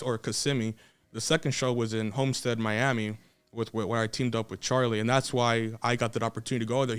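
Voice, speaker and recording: Young man, wrestler, casual storytelling, animated, laughs often, mid pitch. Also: smooth. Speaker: podcast guest, wrestler.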